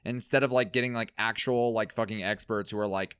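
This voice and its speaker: A young man co-hosting a podcast, ranting in casual chat with lots of swearing and sudden loud, high bursts. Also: fairly even intonation, quick pace, clear, resonant tone, dry recording, clean studio sound. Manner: ranting, heavy swearing, swings loud and high when worked up. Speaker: podcast co-host.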